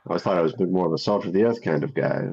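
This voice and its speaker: A man with an extremely deep voice plays in a tabletop game, thinking aloud and laughing at himself. The recording is slightly dull. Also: racing, gravelly, darkish tone, breathy edge. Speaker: player.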